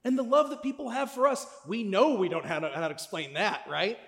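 A man preaching a sermon as a pastor, in a conversational way, often checking in with listeners with a quick question. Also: very high voice, expressive, creaky, fairly bright tone, big-room sound. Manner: conversational, asks listeners "right?".

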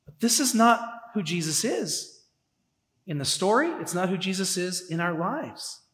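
A man's voice: high-pitched, expressive, moderate pace, fairly bright tone. A man preaching a sermon in a conversational way, with emphatic repetitions, in a church sanctuary. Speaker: pastor. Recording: echoey hall with long reverb.

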